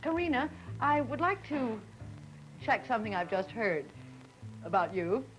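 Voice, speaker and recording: A woman's voice: a little high, sing-song, a little slow, soft background music, rough recording. A woman moderating a 1950s broadcast student panel, friendly and laughing as she introduces guests and steers the talk.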